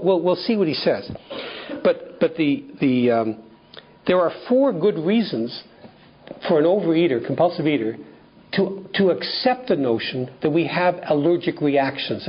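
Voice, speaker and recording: A man from Canada speaking at a recovery workshop, telling a personal story in an animated way with many restarts. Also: a little high, slightly rough. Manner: animated, acts out dialogue, frequent restarts. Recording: dull lo-fi recording.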